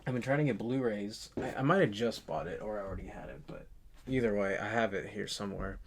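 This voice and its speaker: Rambling young man in his twenties. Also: on the low side. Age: 20s. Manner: rambling, halting, lots of fillers and restarts. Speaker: channel host. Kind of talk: casual movie collection vlog.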